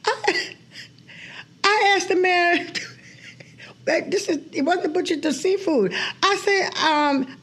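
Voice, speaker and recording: A New woman with a fairly high voice that swoops up and down as she talks. She tells animated stories and acts out what people said to her, laughing often between lines. Her comes through in a relaxed, chatty interview. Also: slow pace, pauses often. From New Orleans, USA. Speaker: guest historian. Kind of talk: casual interview chat.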